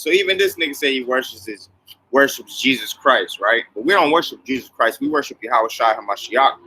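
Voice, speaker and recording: Bright-voiced man in casual religious commentary. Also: mid-range voice, expressive, a little fast, rough recording. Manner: casual, repeats "man" and "okay".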